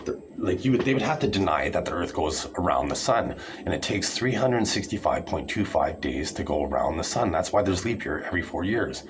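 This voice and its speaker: A man's voice: low voice, expressive, fairly quick, few pauses, a little hiss or hum. A man ranting in a rambling, sarcastic, profane monologue to camera, calling people idiots. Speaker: vlogger.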